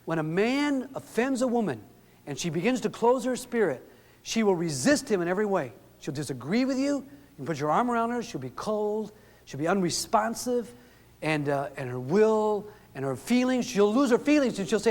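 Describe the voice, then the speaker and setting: A man's voice: sits high, very animated, normal speed, big-room sound. A man giving a live relationship seminar, telling stories and acting out the quoted lines of couples. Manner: storytelling, acts out quoted dialogue.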